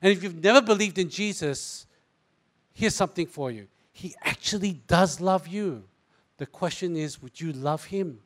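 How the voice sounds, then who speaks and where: A middle-aged pastor with a Singaporean English accent, preaching a sermon and acting out quoted voices. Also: male voice, high voice, normal speed. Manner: animated, mimics voices in asides.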